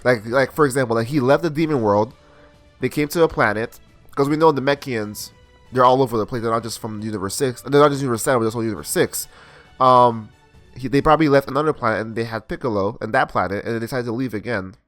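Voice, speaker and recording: A young man recaps and reviews an anime episode in a loose, rambling style packed with slang and restarts. He talks fast at medium pitch, slightly bright, with faint music behind.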